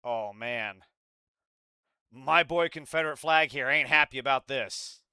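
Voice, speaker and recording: Bright, crisp-voiced streamer, heated and mocking. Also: male voice, medium pitch, unhurried, no echo, clean studio sound. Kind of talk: live stream reaction commentary.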